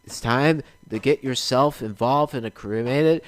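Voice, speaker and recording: A man doing a stern, quiet intervener. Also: unhurried, dry recording, lightly acted. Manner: low, quiet, firm. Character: stern family member staging an intervention.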